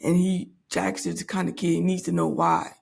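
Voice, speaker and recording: A woman's voice: on the low side, flat delivery, normal speed, gravelly, darkish tone, husky. A woman in her late forties, hosting a podcast and telling a personal story in a candid, reflective way that halts and restarts often. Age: late 40s. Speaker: podcast host.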